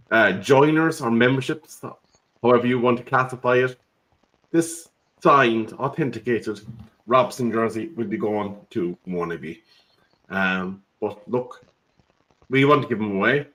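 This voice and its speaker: A man's voice: medium pitch, unhurried, fairly bright tone, rough recording. Joking man hosting a live stream. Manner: chatty, joking, reads out viewer comments. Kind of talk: casual live stream chat.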